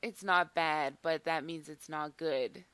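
A young woman hosting a gaming video in casual chat, excitable, swearing and saying "like" a lot. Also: low-pitched, measured pace, clear, resonant tone. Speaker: gaming channel host.

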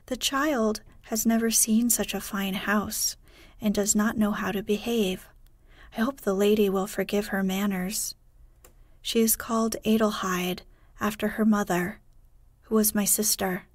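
A woman reading the part of a brisk, bold young aunt who is polite but pushy, in a slow, soft storybook voice. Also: medium pitch, fairly even intonation, no echo, close to an everyday voice. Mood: apologetic.

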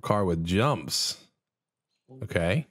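A man hosting a casual let's play, commenting on a silly game and jumping into high excited yelps. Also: extremely slow. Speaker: gaming channel host.

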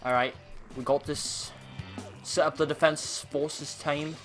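A man streaming a game live, chatting casually with viewers and teammates, excitable and humming along. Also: a little high, takes it slowly, loud music behind the voice. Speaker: gaming streamer.

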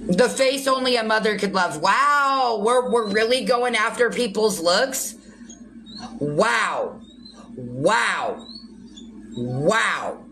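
A woman's voice: fairly high pitch, unhurried, hardly any pauses, a bit bright, faint music behind. A woman chatting casually on a livestream, answering viewer comments and turning snappy at rude ones.

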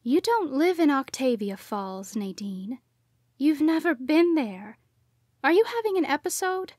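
A woman voicing a caring, puzzled middle-aged mother who asks gentle, worried questions. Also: high voice, sing-song, a little slow, no echo, clean studio sound, pitched above the performer's own voice.

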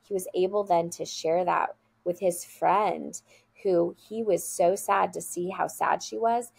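This is a woman who guides children at a school, telling a story in an interview. She talks in an earnest, heartfelt way and repeats phrases to drive a point home. Her voice sits low and has a gravelly edge. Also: steady tone, unhurried, darkish tone.

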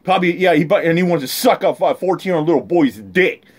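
A man's voice: a little high, expressive, fast talker, slightly rough. Profane, heated male commentator ranting. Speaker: online commentator. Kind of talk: angry reaction commentary.

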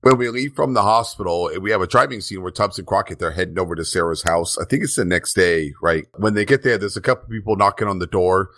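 A man with a low, deep voice talks through a TV episode on a podcast. He keeps the recap brisk and casual and laughs often. The sound is dry and close. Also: bright, forceful tone, no room sound. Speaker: podcast co-host.

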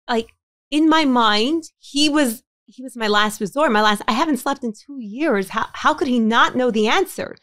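A woman's voice: on the high side, normal speed, fairly bright tone, no echo, clean studio sound. A woman from Montreal, a guest in an interview, telling a personal story in an earnest way, often repeating words and restarting phrases. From Montreal, Canada. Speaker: interview guest, bereaved mother.

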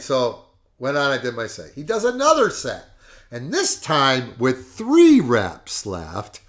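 A man hosting a podcast, telling a coaching story in a lively, emphatic way and laughing often. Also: a little high. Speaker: podcast host and fitness coach. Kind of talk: casual storytelling.

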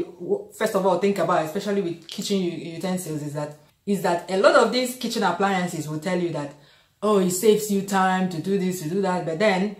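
A woman's voice: mid-range voice, roomy sound. A middle-aged woman with a Nigerian accent, chatting and telling stories while she demonstrates her cooking, laughing often. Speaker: cooking vlogger. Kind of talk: casual cooking demonstration and storytelling. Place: home kitchen.

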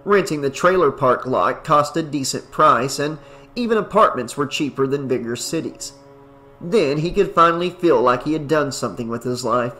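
A man giving a steady audiobook narration of a horror story. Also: medium pitch, normal speed, faint music behind.

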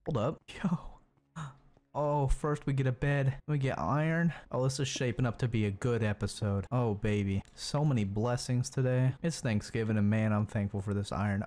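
A man's voice: medium pitch, steady tone, moderate pace, darkish tone. A man commentating his own gameplay, jumpy and self-mocking, talking to the creatures on screen. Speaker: gaming streamer. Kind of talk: let's play commentary.

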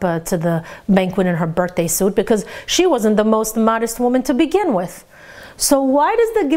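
A middle-aged woman teaching a lively Torah lecture, animated, asking rhetorical questions and dropping in Hebrew terms. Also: on the high side.

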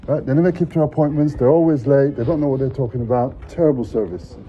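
A man's voice: on the high side, quick pace, lo-fi sound, a little hiss or hum. A man from London with a Cockney accent, arguing bluntly and repeating himself while filming in a public office. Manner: blunt, combative, repetitive. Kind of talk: confrontational street-filming talk.

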